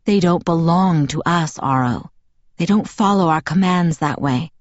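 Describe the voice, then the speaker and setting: A tense, protective young male vampire, put on by a woman narrating a storybook, his voice pushed low and clipped. He sounds harsh and guarded. The recording is dry and dull. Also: unhurried, no room sound, natural voice.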